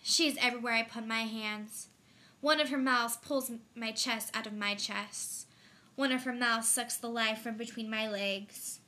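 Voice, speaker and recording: A woman's voice: fairly high pitch, fairly even intonation, normal speed, sharp tone. A young woman playing a frightened dreamy girl. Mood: haunted. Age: young adult. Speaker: student actor. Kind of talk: theatrical monologue.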